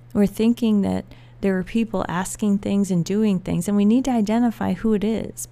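A woman's voice: fairly low pitch, vocal fry, warm tone. A woman speaking candidly in a reflective personal monologue, telling a story and encouraging the listener.

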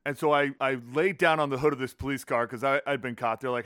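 A man hosting a podcast, telling his own story in animated casual chat, laughing often. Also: medium pitch, fast talker, hardly any pauses. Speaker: podcast host.

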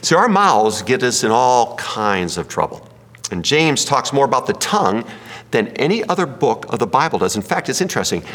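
A male pastor preaches with a husky, lively voice that rises and falls a lot. He jokes, tells little stories and turns to the room with questions. His words carry a long reverb from the hall. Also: mid-range voice, moderate pace. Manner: folksy, joking, asks the room questions. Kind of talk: sermon with jokes and audience questions.

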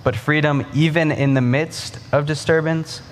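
A man preaching a sermon, earnest, slowing down to stress key phrases. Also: fairly high pitch, fairly even intonation, big-room sound.

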